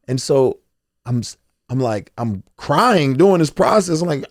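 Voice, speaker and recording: A man's voice: mid-range voice, sing-song, a little slow, no room sound, studio quality. A man talking candidly as an interview guest, earnest and emotional, often quoting his own thoughts and restarting his phrases. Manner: loose, repeating words and restarting phrases. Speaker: podcast guest, rapper.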